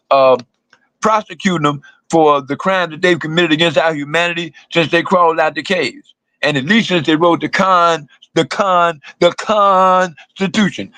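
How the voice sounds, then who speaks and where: A man's voice: fairly high pitch, a bit bright, no echo, poor audio. An older man, delivering fiery, blunt political commentary as a radio host and repeating slogans for emphasis.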